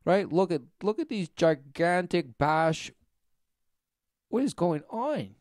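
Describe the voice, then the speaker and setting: A man's voice: high-pitched, very animated, slow, a little mellow, no echo, clean studio sound. A man giving sarcastic, rambling commentary, mocking and repeating himself.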